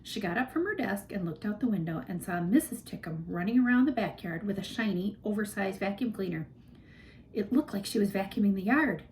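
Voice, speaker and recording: A woman narrating a children's novel aloud in an expressive storytelling manner. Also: medium pitch, brisk, slight background noise, low-quality recording. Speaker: reader.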